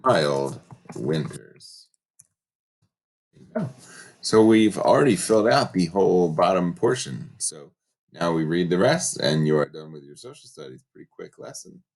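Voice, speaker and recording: A man's voice: sits low, sing-song, a little slow, darkish tone. A man teaching a third grade class in a recorded lesson, giving patient step-by-step instructions and reading from a textbook.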